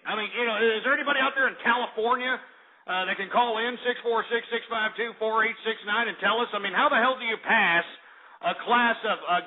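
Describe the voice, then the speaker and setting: A man hosting a call-in radio show who rants and yells insults at callers in a crude shock-jock style. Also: extremely high pitch, husky. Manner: abrasive, yelling insults at callers. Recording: tinny phone-quality audio.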